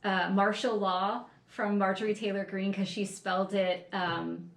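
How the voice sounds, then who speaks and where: A woman co-hosting a podcast in casual chat, excitable and giggly, full of gushing exclamations. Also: medium pitch, measured pace. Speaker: podcast co-host. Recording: roomy echo.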